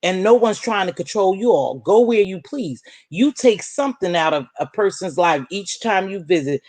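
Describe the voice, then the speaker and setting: A woman's voice: mid-range voice, lively intonation, normal speed, darkish tone, no room sound. A woman hosting a live stream, speaking in a mid-range voice with a dry, close sound. She lectures and calls out a viewer, mixing preachy lines with sarcastic hums. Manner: confrontational, preachy, talks straight to the viewer. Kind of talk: live-stream commentary rant.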